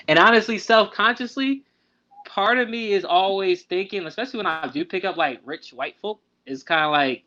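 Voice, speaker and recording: A man's voice: sits high, normal speed, bright, forceful tone. A young man talking loosely on a podcast, telling a personal story full of fillers and asides. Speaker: podcast co-host. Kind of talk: casual storytelling. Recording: dull lo-fi sound.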